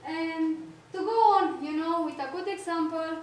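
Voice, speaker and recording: Very high-voiced woman in an echoey hall. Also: far from the mic, slight background noise. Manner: halting, non-native English with frequent restarts. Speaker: speaker at a church health meeting. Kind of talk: informal church talk with personal stories. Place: conference hall.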